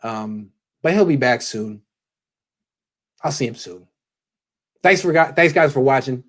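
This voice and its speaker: A man hosting a casual live sports talk show, brisk, opinionated and jokey. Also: medium pitch, lively intonation, a bit bright.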